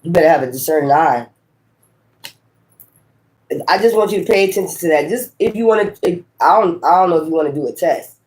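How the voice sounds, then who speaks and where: High-voiced man giving a profane spiritual reading. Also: darkish tone. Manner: profane, emphatic, talks straight to the audience; frequent rhetorical tag questions. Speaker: tarot reader. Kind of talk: casual spiritual reading to viewers.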